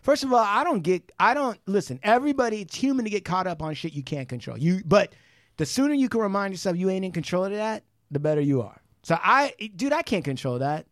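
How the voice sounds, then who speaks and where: Lively high-voiced man, casual podcast talk. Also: fast, dry recording, studio quality. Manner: animated storyteller, swearing, mimics people in anecdotes. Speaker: podcast co-host. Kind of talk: casual chat.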